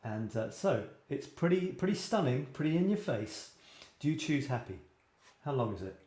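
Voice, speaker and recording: A man's voice: mid-range voice, sing-song, moderate pace, mellow. A British man hosting a live creative writing show, reading viewers' writing aloud and chatting in a rambling, self-deprecating way. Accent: British English. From Britain. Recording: roomy echo.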